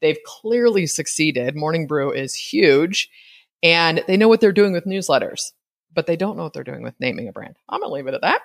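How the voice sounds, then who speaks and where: A woman hosts her own podcast from a home setup, speaking into a podcast mic. Her delivery is candid and conversational, with light laughter and frequent asides. She pauses at times to spell words out letter by letter. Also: low voice, creaky. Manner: candid, chatty and lively, with quick laughs and asides. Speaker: podcast host. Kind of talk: solo podcast commentary.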